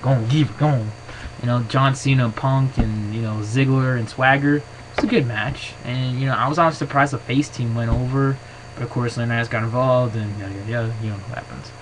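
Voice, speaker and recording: A man in a casual vlog, talking off the cuff into his camera's own mic. He rambles along excitably, leaning on "you know" and restarting his sentences. His voice is mid-pitched, and a faint ambient hum sits underneath. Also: fairly quick. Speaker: wrestling vlogger. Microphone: built-in camera mic.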